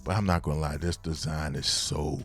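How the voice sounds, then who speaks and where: A man casually reviewing the latest comic chapters in slangy, excitable talk that now and then bursts into loud hype. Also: a bass voice, moderate pace, faint music behind. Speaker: manga reviewer.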